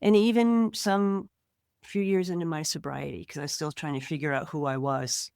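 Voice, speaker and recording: A woman's voice: low voice, fairly even intonation, moderate pace, creaky, darkish tone, no room sound, studio quality. A woman co-hosting a podcast, talking in an earnest, reflective way. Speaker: podcast co-host. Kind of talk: casual podcast chat.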